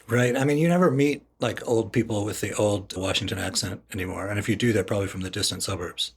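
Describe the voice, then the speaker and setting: A man's voice: on the low side, fast, slightly rough. A man co-hosting a podcast, chatting casually with lots of filler words and curious questions. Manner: chatty with many "like" fillers, inquisitive. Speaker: podcast co-host. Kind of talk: casual chat.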